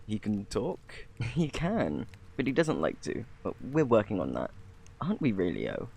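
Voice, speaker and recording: A man's voice: fairly low pitch, wildly swooping pitch, a little slow, creaky, darkish tone, slightly rough, heavily acted. A man with a British accent voicing an eager, chatty male friend and fellow dad in a whispered role-play. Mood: coaxing.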